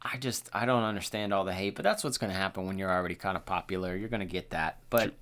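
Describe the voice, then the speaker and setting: Deep-voiced and fast, this young man is a podcast co-host chatting casually. He gets animated, curses, and plays out quoted lines as he goes.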